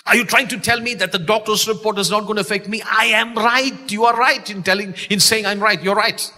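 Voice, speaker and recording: A man's voice: high-pitched, fairly even intonation, brisk. A man with a Malaysian English accent, preaching an exuberant sermon in a church and calling for responses from the congregation. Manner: exuberant, calls for audience responses, shouts key lines. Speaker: pastor. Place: church sanctuary. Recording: long church reverb.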